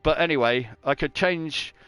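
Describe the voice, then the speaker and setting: A man calling a live online race in a chatty, self-mocking way. His voice is smooth and resonant, and the dry sound keeps it close to the mic. He jokes freely between the race updates. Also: a little high, moderate pace, a bit bright, no echo, faint music behind. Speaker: race commentator. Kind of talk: live race commentary chat.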